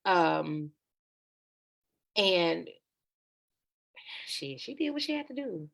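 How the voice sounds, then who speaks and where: A woman's voice: lowish voice, big pitch swings, very slow, gravelly, a bit bright. A woman guest on a podcast, telling a personal story in a candid, conversational way. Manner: candid, conversational, slips into acted quotes.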